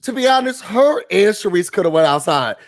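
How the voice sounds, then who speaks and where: High-voiced man, nasal from a cold. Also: a little fast. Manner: animated, acts out quotes with big shouts. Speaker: podcast co-host. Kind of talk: casual recap chat.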